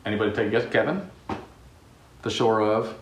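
A man's voice: lowish voice, a little fast, roomy sound, far from the mic, slight background noise. A man hosting a video, telling a Bible story in a playful way and acting out the characters' voices. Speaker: host.

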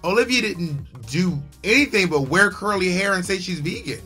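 A man with a fairly high voice co-hosts a casual review chat, brash and sassy in his delivery. He swings between teasing and exclamations, and faint music plays behind him. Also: expressive, moderate pace, bright, forceful tone, husky. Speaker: co-host of a TV review show.

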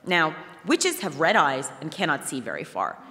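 A woman reads a fairy tale aloud at a live museum event, telling it in an animated way. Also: low voice, normal speed. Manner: animated storytelling. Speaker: reader. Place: museum hall, before an audience. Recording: long hall reverb.

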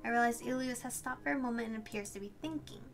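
A woman reading a visual novel aloud and reacting in an excitable, gushing way, swearing and laughing at the story. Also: on the high side, fast, faint music behind. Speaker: let's play host.

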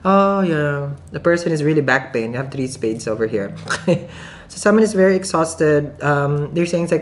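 A woman with a foreign accent talks straight to camera through a tarot reading. She is chatty and giggly and thinks out loud, restarting her sentences often. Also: deep voice, expressive, moderate pace, slight background noise. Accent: non-native English accent. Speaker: tarot reader.

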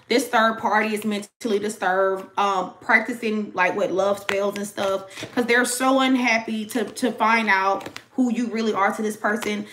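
A young woman gives her viewers a casual tarot reading, talking right to them in a chatty, slangy way. Her voice sits at medium pitch with a fairly bright tone, and the rough recording carries a little hiss or hum.

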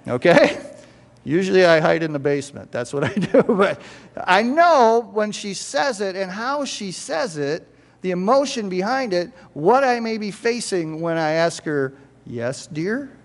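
An older man preaches in a conversational way, often asking the room whether they follow. His voice sits high for a man, and a long church reverb trails after every phrase. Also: big pitch swings, unhurried. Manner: conversational, checks in with the congregation often. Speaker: pastor. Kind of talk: sermon. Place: church sanctuary.

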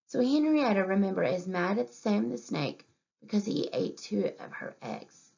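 A woman reading a picture book aloud to young children in an expressive way, asking questions and pointing at the pictures. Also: medium pitch, moderate pace, creaky, slightly rough. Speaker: preschool teacher. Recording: dull lo-fi recording.

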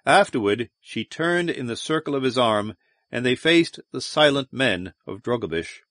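Measured man narrating an audiobook. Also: medium pitch, expressive, a bit bright, no echo, clean studio sound. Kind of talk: scripted narration.

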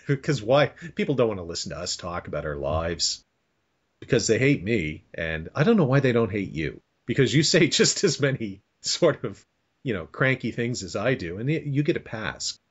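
A man's voice: lowish voice, sing-song, normal speed, breathy edge. A man hosting a podcast, chatting casually and joking and teasing his guest. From Canada. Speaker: podcast host. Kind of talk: casual chat. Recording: dull lo-fi audio.

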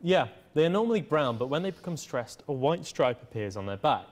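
A young man co-hosting a student science show, reading science news in a measured, earnest way. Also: fairly high pitch, sing-song. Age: young adult. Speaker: co-host called Prof.

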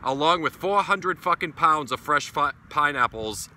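A man's voice: on the high side, animated, normal speed, bright, forceful tone. Blunt, profane New England man outdoors. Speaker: beer reviewer. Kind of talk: casual outdoor beer review. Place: backyard outdoors.

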